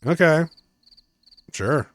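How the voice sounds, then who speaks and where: High, lively man joking over a game. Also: drawn-out words. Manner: casual, joking asides. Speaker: let's play host. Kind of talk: game playthrough commentary.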